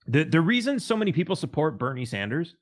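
A man's voice: on the high side, fast. A male guest in a casual political discussion, talking animatedly, repeating words and acting out other people's lines. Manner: animated, repeats words, acts out quoted voices.

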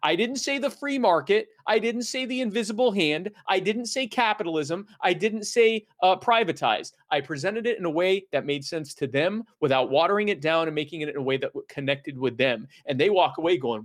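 A man's voice: a little high, expressive. A man hosting a casual political discussion, arguing emphatically and rattling off lists. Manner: emphatic, rapid lists, persuasive.

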